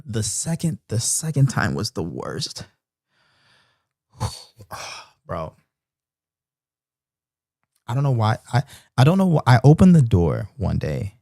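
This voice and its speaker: Animated man telling a story. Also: fairly low pitch, slow, creaky, pauses often, no room sound, clean studio sound. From Baltimore. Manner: animated storyteller, loose slang, many restarts. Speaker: host of a Bible reading stream. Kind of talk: casual storytelling chat. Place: apartment in Japan.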